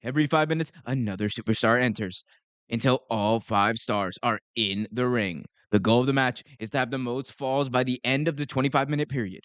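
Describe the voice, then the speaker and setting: A man's voice: mid-range voice, a little fast, fairly bright tone, dry recording, natural voice. A man doing a formal wrestling ring announcer. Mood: announcing.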